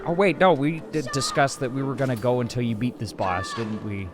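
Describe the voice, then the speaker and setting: A young adult man co-hosting a Let's Play, chatting casually and jokingly with an animated delivery. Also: mid-range voice, a little fast. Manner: animated, joking, slips into silly voices. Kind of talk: casual gaming chat. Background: game music.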